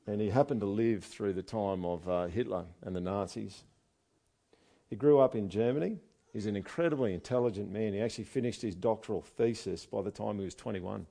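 An Australian man preaching a sermon, animated and joking, with loud asides and quiet readings. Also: fairly low pitch, vocal fry. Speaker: pastor.

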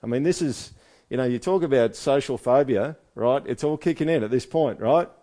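A man's voice: medium pitch, moderate pace, dark tone. A man preaching a sermon in a conversational way, asking his listeners one rhetorical question after another. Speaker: pastor.

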